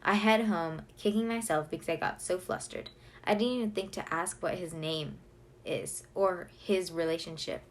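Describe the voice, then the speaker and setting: A woman narrating a novel in the first person with an expressive, lively delivery. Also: lowish voice, normal speed. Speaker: audiobook reader.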